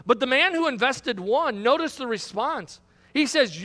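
A man's voice: very high voice, lively intonation, unhurried, pushed and bright, big-room sound. A middle-aged man preaching a sermon as pastor, building to emphatic, repetitive climaxes. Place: church sanctuary.

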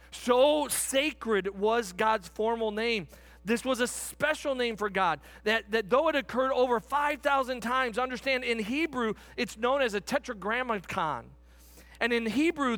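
High-voiced man preaching a sermon. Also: fairly bright tone, no echo. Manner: earnest, stretches words for emphasis, some restarts.

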